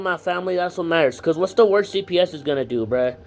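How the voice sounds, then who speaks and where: A man's voice: sits high, fast. A teenage boy telling a personal story to camera in a casual vlog, rambling with lots of fillers and blunt swearing. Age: teens. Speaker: vlogger.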